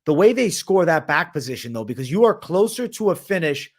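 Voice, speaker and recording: A man's voice: a little high, big pitch swings, a little fast. Slangy man reading chat questions aloud. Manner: reads chat questions aloud and answers with blunt opinions; slangy, says bro and man often. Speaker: livestream host answering viewer questions. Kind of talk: casual livestream chat.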